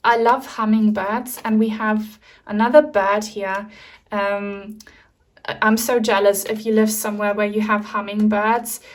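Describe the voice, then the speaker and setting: A woman's voice: mid-range voice, little pitch movement, unhurried. A young woman from Germany giving an enthusiastic, chatty tarot card reading to her viewers. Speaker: tarot reader.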